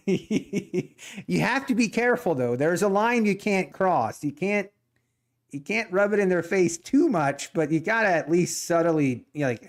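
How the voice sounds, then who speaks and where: A middle-aged man rambles through jokey, casual talk on a live stream, laughing easily as he answers the chat. His voice sits a little high, and he speaks at an unhurried, drawn-out pace. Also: lively intonation. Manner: laughs often, rambling and joking. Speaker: live-streaming day trader.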